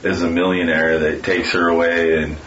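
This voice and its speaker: A man's voice: deep voice, little pitch movement, moderate pace, a bit bright. A man, a father, chatting casually with blunt, crude remarks, recorded with a muffled, echoey sound. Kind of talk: casual chat. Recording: roomy, muffled with faint noise.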